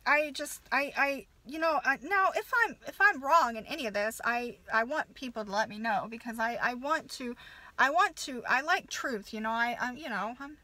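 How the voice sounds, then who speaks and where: A nurse and mother from the United States, in her thirties, rants angrily at the camera in a slightly high, sharp voice, swearing often and halting to start over repeatedly. There's no echo, and the recording is low quality.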